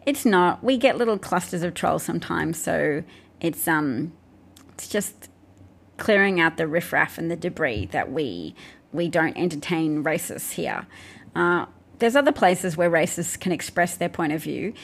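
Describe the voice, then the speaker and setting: Australian woman, lower voice, live stream host, casual chat, restarts and fillers, dry asides. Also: lively intonation, unhurried, gravelly.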